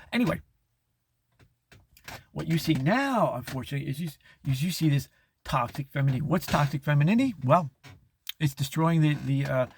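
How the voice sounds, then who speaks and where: A man's voice: animated, a little hiss or hum. A middle-aged man hosting a podcast, talking in a rambling monologue with many restarts and false starts. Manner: halting, many restarts, mocking falsetto impressions. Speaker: podcast host.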